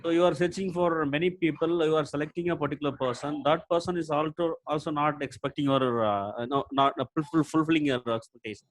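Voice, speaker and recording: A man joining a webinar to ask a question, polite and hesitant, with many "uh" pauses, calling the speaker sir. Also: on the high side, steady tone, dry recording, rough recording. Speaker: webinar participant asking a question.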